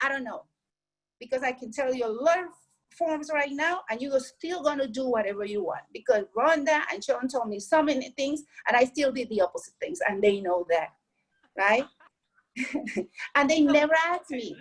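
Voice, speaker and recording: With a high voice, lively intonation and normal pace, a woman whose first language is Spanish gives casual, heartfelt advice. She repeats her points earnestly to encourage the listener, on a low-quality recording.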